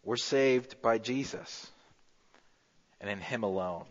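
A man preaching a sermon as pastor, rising to emphatic peaks and dropping to a hushed low voice. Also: takes it slowly. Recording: muffled with long hall reverb.

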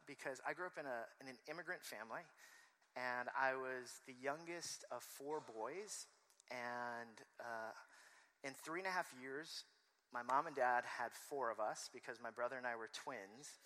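Man, pastor, sermon, lively storyteller, bright tone, long hall reverb. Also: medium pitch, moderate pace. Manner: storytelling, acts out quoted voices.

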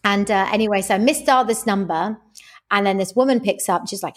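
A woman talks as a guest on a podcast, spinning stories with animation and acting out the lines of the people in them. Her voice sits at an everyday middle pitch. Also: fast talker. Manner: animated storyteller who acts out quoted dialogue. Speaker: guest, dating and relationship coach. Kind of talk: casual podcast interview.

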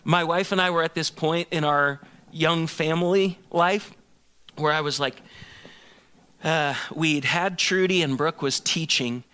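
A man's voice: on the high side, unhurried, bright, forceful tone, clean tone. A man in his thirties, a pastor telling a self-mocking personal story in a sermon and acting out both sides of a conversation.

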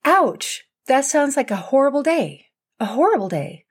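A woman hosting an interview podcast, welcoming her guest warmly. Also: high voice, big pitch swings, moderate pace. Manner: warm, welcoming. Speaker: podcast host.

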